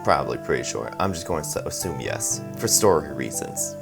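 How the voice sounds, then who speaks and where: A man playing a tabletop role-playing game, describing his character's actions in hesitant, low-key talk. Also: lively intonation, normal speed, gravelly, over loud music. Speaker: player.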